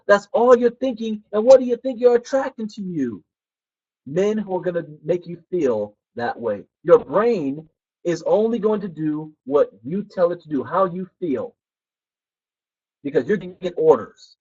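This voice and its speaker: A personal development trainer gives a motivational training talk, telling stories as an animated storyteller who acts out the people he quotes. His voice sits high and husky at a moderate pace, with lo-fi sound.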